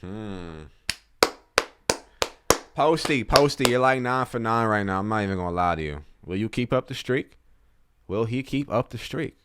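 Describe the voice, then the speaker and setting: A man's voice: mid-range voice, animated, brisk, a bit bright, slight background noise. A man giving casual reaction commentary on an album as a YouTuber, slangy and earnest, often speaking straight to the artist.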